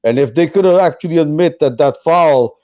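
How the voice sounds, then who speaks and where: A man's voice: a little high, a little fast. A man in his fifties, a podcast co-host, arguing heatedly in casual chat and dropping Italian phrases, tripping over his words when he is cut off. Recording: dull lo-fi sound.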